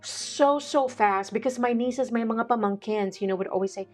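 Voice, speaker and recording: A woman, chatting casually as a vlogger, excitable and quick to laugh. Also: fairly high pitch, soft background music. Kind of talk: casual chat.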